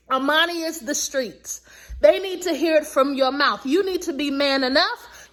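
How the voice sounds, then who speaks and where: A woman recapping a reality show and giving emphatic, preachy marriage advice, repeating her points slowly and laughing between them. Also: high-pitched. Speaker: recap vlogger.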